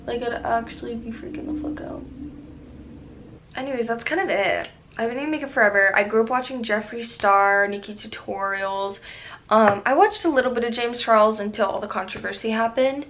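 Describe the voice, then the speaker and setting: A young woman rambling casually in a makeup vlog, profane and excitable with lots of fillers, recorded on a camera mic at home. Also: a little high, moderate pace. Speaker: beauty vlogger.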